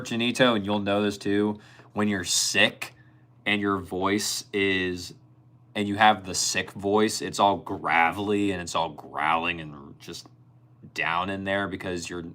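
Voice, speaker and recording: Low-voiced young man chatting with his live stream. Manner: chatty, answers chat comments by name, animated storytelling. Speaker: livestreamer reading chat. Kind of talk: casual live-stream chat.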